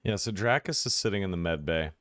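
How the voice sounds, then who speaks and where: A man playing a tabletop game, narrating his character's actions in a measured, descriptive way. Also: sits low, lively intonation, fairly bright tone, no echo, clean studio sound. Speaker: player.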